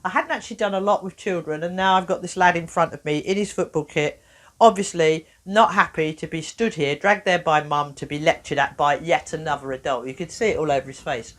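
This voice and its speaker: A woman with a lively storytelling manner, a therapist giving a workshop talk who acts out the people in her stories. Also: low-pitched, brisk. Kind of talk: animated talk to an audience.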